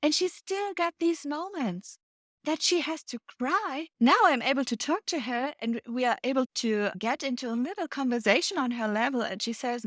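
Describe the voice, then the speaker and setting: Woman, podcast guest, high pitch, heartfelt storyteller. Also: animated, normal speed, no echo, studio quality. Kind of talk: casual chat.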